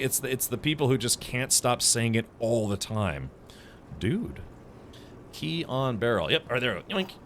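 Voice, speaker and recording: Brief: male game streamer, sarcastic and chatty, very expressive pitch, faint hum behind. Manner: sarcastic, chatty, laughs at his own jokes; talks to chat. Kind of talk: casual live-stream chat while playing.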